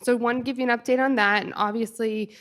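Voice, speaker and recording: A woman with a fairly high voice gives upbeat, chatty announcements at a town hall meeting. She talks warmly and informally about staffing news. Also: steady tone, quick pace. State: out of breath. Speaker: community staff manager.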